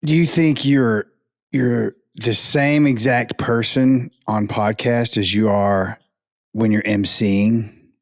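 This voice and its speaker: A man's voice: mid-range voice, fairly even intonation, slow pace. Easygoing male videographer, laughing often. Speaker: bass fishing videographer, podcast guest. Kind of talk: casual chat.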